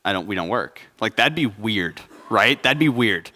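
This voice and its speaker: Bright-voiced young pastor, joking with congregation. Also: male voice, on the low side, expressive, moderate pace, big-room sound. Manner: conversational and joking, asks the audience questions. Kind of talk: sermon. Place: church service before a congregation.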